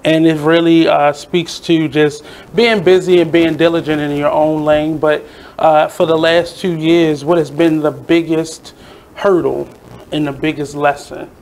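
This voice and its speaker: A man's voice: on the high side, little pitch movement, measured pace, vocal fry, a little mellow, a little hiss or hum, rough recording. A man hosting a radio show, chatting casually and giving reflective advice to his guest. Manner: reflective, advice-giving, frequent "mm-hmm" backchannels. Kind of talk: casual interview chat.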